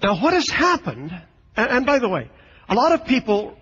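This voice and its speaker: A man lecturing on scripture in an unscripted, halting style, often repeating words as he thinks. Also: extremely high pitch, huge pitch swings, fairly bright tone, husky, long reverb tail, highs cut off. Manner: halting, repeats words, reads quotes with emphasis. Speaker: lecturer on the New Testament.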